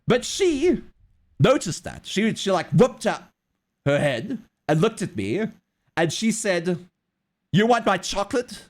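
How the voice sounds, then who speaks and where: A man's voice: sits high, sing-song, slow. A man streaming live while drawing, chatting casually and telling a story in a rambling way with many restarts. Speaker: livestreamer.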